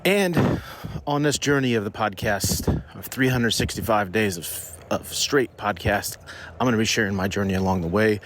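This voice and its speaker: A man's voice: lowish voice, moderate pace, background noise. A man hosting a casual business podcast while on a morning walk outdoors, a bit out of breath, talking in a loose, rambling way with restarts. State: slightly out of breath from walking. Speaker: podcast host.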